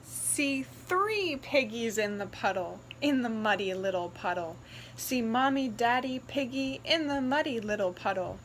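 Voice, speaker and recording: A woman reading a picture book aloud in a sing-song, expressive storytelling voice. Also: fairly high pitch, slight background noise, rough recording.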